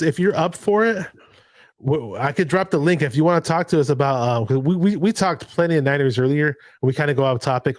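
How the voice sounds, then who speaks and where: A man's voice: mid-range voice, no room sound. A man hosting a casual late-night livestream, rambling and jumping from story to story. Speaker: livestream host. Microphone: home streaming mic.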